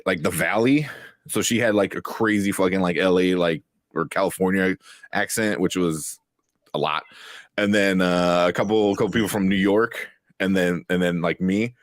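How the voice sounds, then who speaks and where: A man's voice: deep voice, moderate pace, no echo, studio quality. A young man from Chicago with a Chicago accent, hosting a casual live-stream chat, chatty and laughing often. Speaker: show host.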